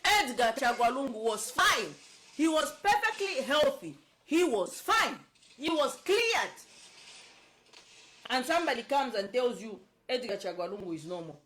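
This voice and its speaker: A woman's voice: high voice, very animated, a little slow, fairly bright tone, slight background noise, low-quality recording. A woman from Zambia giving emotional, insistent political commentary, upset and near tears, repeating herself. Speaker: political advocate.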